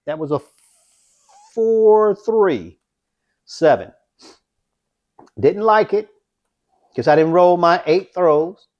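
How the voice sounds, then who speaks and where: Excited man narrating his dice throws. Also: high-pitched, slow, long pauses, muffled recording. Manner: excited, talks folks through each throw. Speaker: dice-control craps vlogger. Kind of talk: casual play-by-play while throwing dice.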